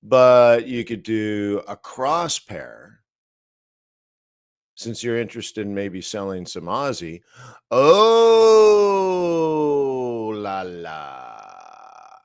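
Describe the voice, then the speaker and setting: A man teaching trading live, walking through price charts slowly, thinking aloud with fillers and asides. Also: on the low side, no echo, studio quality. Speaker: trading educator.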